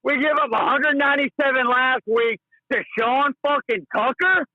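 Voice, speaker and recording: A man's voice: extremely high pitch, moderate pace, no echo. A man calling a sports talk show, ranting furiously and cursing at every turn, heard over a phone line. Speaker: caller. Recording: tinny phone line, dry.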